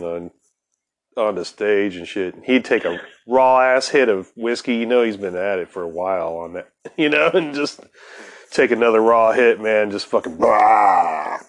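A man hosting a casual chat, laid-back and laughing often, with plenty of swearing. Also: lowish voice.

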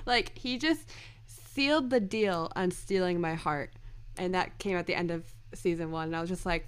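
Bright, giggly woman podcaster. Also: mid-range voice, unhurried, clear, resonant tone. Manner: giggly, gushing, quotes lines from the show. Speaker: podcast co-host. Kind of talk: casual podcast chat.

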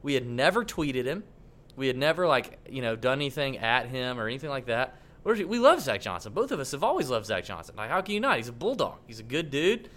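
A man co-hosting a podcast, telling a long story in a casual, rambling, animated way. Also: medium pitch, brisk. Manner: animated, rambling, acts out quotes. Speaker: podcast co-host.

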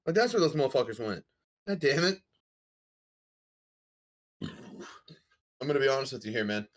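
A man's voice: mid-range voice, big pitch swings, moderate pace. Teasing young man who laughs a lot. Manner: teasing, laughs often, swears. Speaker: podcast host. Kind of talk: casual banter. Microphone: video call.

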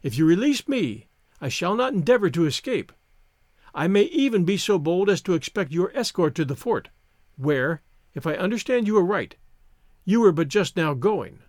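A fiery, scornful teenage girl, as a male reader puts her on, quick-tongued and proud. The voice sits high and swings widely, with a dry, close sound. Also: big pitch swings, darkish tone, no room sound. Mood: cool.

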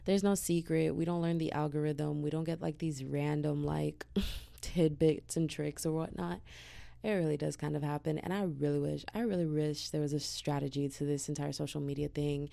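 A woman's voice: low-pitched, fairly even intonation, moderate pace, vocal fry, dark tone, no room sound. A young woman hosting a casual solo podcast, chatty and slangy, with lots of "like". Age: young adult. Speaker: podcast host.

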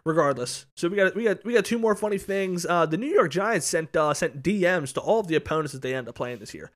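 High-pitched, fast and expressive, his voice carries a fairly bright tone. He's a male co-host on a sports podcast, rambling loosely, doubling up words and swearing often, recorded on a podcast mic.

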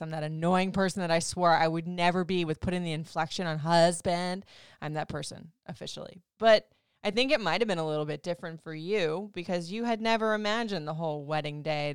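A woman in her forties co-hosting a casual couple chat, animated and teasing, swearing freely. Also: on the low side, moderate pace, clear, resonant tone, no echo, clean studio sound. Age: 40s. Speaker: podcast co-host.

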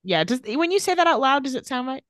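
Lively woman recapping a TV episode. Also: fast, no room sound, clean studio sound. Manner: reads out quoted dialogue with lively shifts in pitch and pace. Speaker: podcast co-host recapping a TV episode. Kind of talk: casual recap chat.

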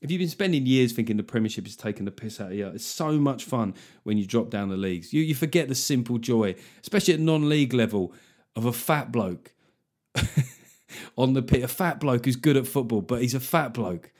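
This middle-aged podcaster speaks briskly with lively intonation, his mid-range voice darkish in tone. The conversation is jokey and full of puns.

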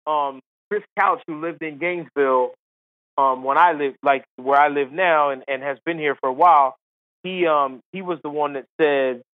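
A man, a golf commentator and former caddie, telling a comic story in an animated, quick way, laughing between lines. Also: on the high side. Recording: phone-like line, dry.

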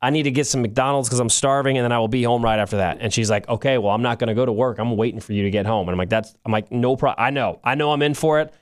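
Fast-talking smooth-voiced male podcaster. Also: mid-range voice. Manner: rambling, self-correcting storyteller. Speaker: podcast co-host. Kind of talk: casual storytelling chat.

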